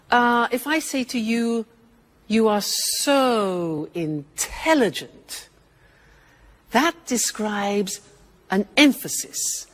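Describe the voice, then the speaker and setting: Slow, expressive woman teaching English. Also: medium pitch. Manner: clear, deliberate, expressive teaching. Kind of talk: English lesson explanation.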